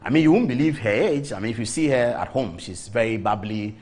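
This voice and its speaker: A man in his forties with a Ghanaian accent, telling an animated story on a TV talk show and mimicking the people he quotes. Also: mid-range voice, brisk. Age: 40s.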